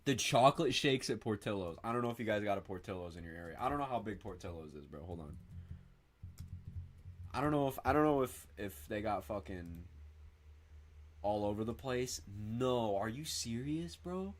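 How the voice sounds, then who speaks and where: A young streamer from northern Indiana chats casually on a livestream, reading viewer comments and rambling excitably. He swears a lot and says "bro" constantly. His voice is fairly low-pitched at a normal speed.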